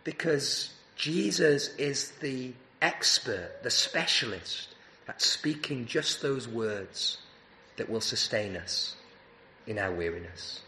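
A man delivers an evening sermon from a church pulpit, earnest and emphatic. His voice is bright and carries clearly. The church room rings with echo, and a faint hiss runs underneath. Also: mid-range voice, expressive, slow. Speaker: preacher.

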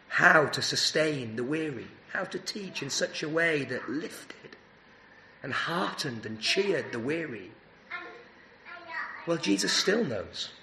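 Earnest preacher in an echoey church. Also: male voice, fairly high pitch, animated, slow pace, bright, forceful tone, a little hiss or hum. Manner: earnest, rising emphatic delivery. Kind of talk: sermon.

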